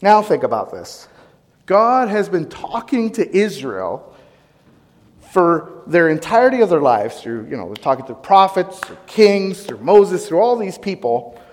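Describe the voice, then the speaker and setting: Animated preacher man, higher voice. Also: unhurried, long reverb tail. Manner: animated storytelling, questions to the congregation. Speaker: pastor. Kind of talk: sermon.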